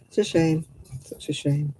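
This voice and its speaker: A woman's voice: deep voice, unhurried, mellow, breathy edge, rough recording. An older woman, chatting casually with viewers on a livestream and rambling as she explains everyday customs. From England. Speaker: livestream host.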